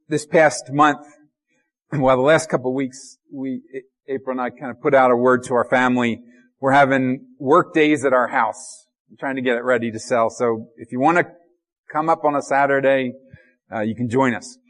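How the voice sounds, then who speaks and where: Halting, conversational middle-aged male pastor. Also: mid-range voice, steady tone, a bit bright. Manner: conversational, halting, with fillers and repeated words. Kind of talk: sermon.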